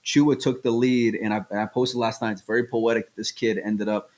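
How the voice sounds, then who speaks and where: A man co-hosting a pool podcast in casual chat, excitable and telling stories with many restarts. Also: lowish voice, fairly quick. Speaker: podcast co-host.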